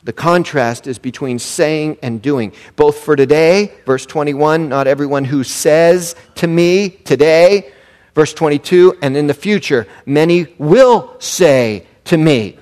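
A man preaching a sermon, asking rhetorical questions and leaning hard on key words. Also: a little high. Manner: preaching with emphatic rises and slow deliberate stresses; asks the congregation rhetorical questions. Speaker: pastor.

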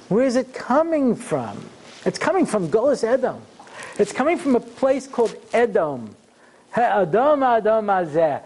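Animated joking rabbi, higher voice. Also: male voice. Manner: humorous, animated storyteller with asides. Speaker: rabbi giving a Torah class. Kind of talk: storytelling lecture.

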